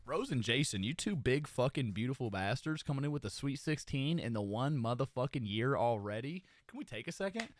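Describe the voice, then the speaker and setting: A young man live-streaming in a casual, profanity-laced chat with his viewers, his pitch swinging up and down as he hypes them up with loud shout-outs. The sound is dry, with no room echo. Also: animated, brisk, few pauses.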